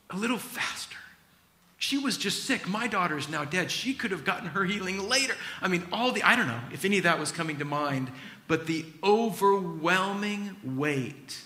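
A man preaching a sermon as pastor, acting out Bible scenes in an animated, storytelling way. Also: high voice, moderate pace, roomy sound.

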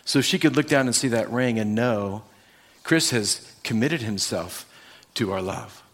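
A man pastor giving a sermon and telling a story in a warm, conversational way to his congregation. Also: medium pitch, unhurried.

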